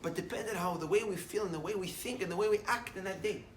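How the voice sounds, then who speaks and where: A man's voice: sits high, fast talker, echoey room, recorded from a distance, slight background noise. A man giving a short morning sermon as a rabbi, telling a story in English with many Hebrew terms and building up to emphatic declarations.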